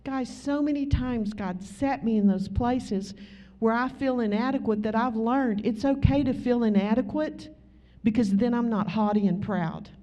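A woman with a Southern US accent, preaching a sermon in a folksy, conversational way with drawn-out emphasis. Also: a little high, mellow. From Southern United States. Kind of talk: sermon with storytelling. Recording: slightly muffled recording.

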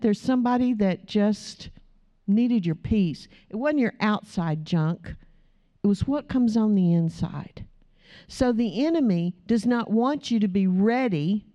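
A woman's voice: a little high, dark tone. A woman preacher giving a chatty, storytelling sermon with asides to the congregation, recorded on a dull lo-fi recording. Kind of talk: conversational sermon.

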